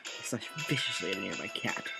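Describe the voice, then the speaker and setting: A man's voice: low voice, brisk, creaky, loud music behind the voice, poor audio. A man reading a text game aloud, with slips, corrections and jokey asides. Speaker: let's play host.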